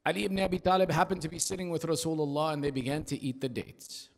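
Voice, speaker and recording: A male preacher giving an emphatic, rhythmic sermon at an Islamic center, telling stories and dropping into hushed asides. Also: fairly high pitch, quick pace, few pauses. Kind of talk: sermon with storytelling. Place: large prayer hall of an Islamic center. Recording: long hall reverb.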